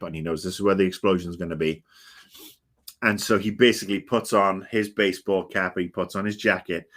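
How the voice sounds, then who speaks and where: With a deep, slightly bright voice, a grumpy British livestream host in his fifties rambles through casual chat, swearing and filling gaps with ums and uhs.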